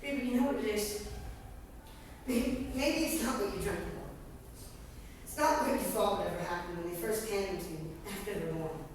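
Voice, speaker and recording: A man's voice: sits high, moderate pace, pauses often, slight background noise, close to an everyday voice. A man performing a chatty middle-aged mother who gossips on the phone, in a stage monologue. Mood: tender. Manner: gossipy, exclamatory, talks straight to an unseen caller. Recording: echoey stage hall, distant mic.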